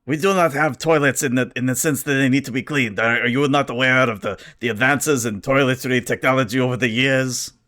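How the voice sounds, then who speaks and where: Gruff pedantic alien engineer, combative and fussy, played by a man in a tabletop game. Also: mid-range voice, fairly even intonation, brisk, few pauses, pushed and bright, natural voice.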